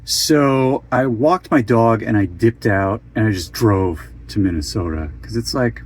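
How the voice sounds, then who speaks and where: A man's voice: on the low side, measured pace. Goofy rambling man vlogging from a van. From Oregon. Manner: rambling, goofy, self-mocking asides. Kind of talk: casual chatty video update. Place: inside a van.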